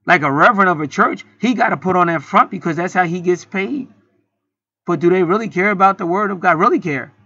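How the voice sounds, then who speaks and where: A man's voice: high voice, brisk, bright, forceful tone, dry recording, lo-fi sound. Heated, profane man telling a story. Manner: profane, heated, rambling with restarts. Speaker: channel host. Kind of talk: casual storytelling monologue.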